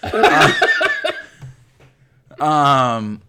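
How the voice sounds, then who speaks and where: A man's voice: medium pitch, fairly quick, very noisy. A young man co-hosting a podcast, chatting casually and ranting bluntly with crude jokes. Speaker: podcast co-host. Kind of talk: casual chat.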